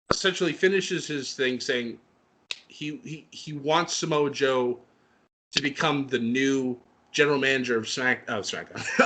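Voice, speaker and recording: A middle-aged man co-hosting a podcast, telling a story in an excitable, emotional way. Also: medium pitch. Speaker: podcast co-host. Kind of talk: casual chat.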